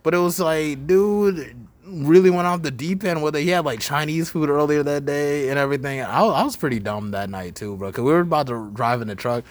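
A man's voice: fairly high pitch, fairly quick, no room sound. A man in his twenties hosting a podcast, telling stories in a laid-back, slangy way with lots of fillers. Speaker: podcast host. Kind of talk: casual chat.

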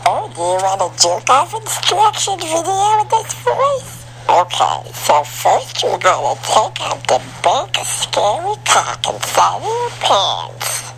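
Woman putting on a lewd hormone monster, gravelly, drawn out, swooping pitch, faint noise. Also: wildly swooping pitch, full character voice, rough recording. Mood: mock-seductive. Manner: slow, exaggerated, mock-seductive put-on voice.

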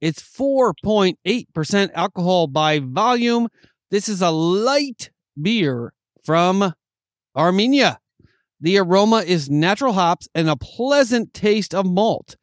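A man's voice: high-pitched, animated, slow, no room sound, studio quality. Enthusiastic man chatting on a podcast. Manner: enthusiastic, rambling with restarts. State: hiccuping. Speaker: podcast co-host. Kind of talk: casual chat.

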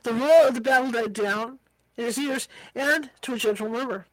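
A woman's voice: a little high, moderate pace, no echo, rough recording. A woman reading a book aloud as an amateur reader, tripping over hard words and slipping in casual asides. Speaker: audiobook reader.

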